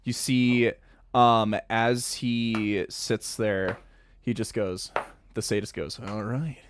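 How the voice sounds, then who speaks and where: A man's voice: fairly low pitch, steady tone, slow, a little hiss or hum. A young man narrating a tabletop game as game master, loose and rambling.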